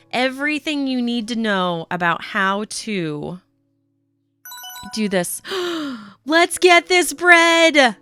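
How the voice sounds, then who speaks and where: A woman chatting with her viewers during a knitting live stream, excitable and easygoing. Her voice is bright and smooth, a bit higher than most, and she takes her time. The mic is close and dry. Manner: chatty, excitable, says "um" and "y'all" often.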